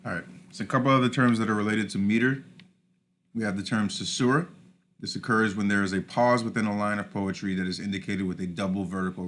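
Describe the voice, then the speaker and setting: A man's voice: fairly low pitch, fairly bright tone. A man teaching a class over slides, explaining step by step with frequent "all right" and "uh" fillers. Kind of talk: recorded lecture over slides.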